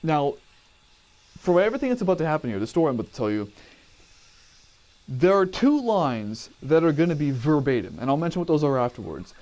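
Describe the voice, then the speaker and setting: A man's voice: fairly high pitch, sing-song, fairly quick, pauses often, darkish tone. A man telling a personal story casually, rambling, cursing and often correcting himself.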